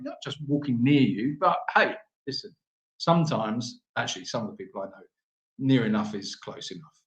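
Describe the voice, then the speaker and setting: A man's voice: fairly high pitch, reverberant. A man hosting a live stream, reading out viewer messages and joking with them in a casual chat.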